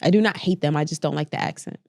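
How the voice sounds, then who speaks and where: A woman co-hosting a podcast in casual chat, talking in an animated, emphatic way. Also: low voice, quick pace, creaky, no echo, clean studio sound. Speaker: podcast co-host.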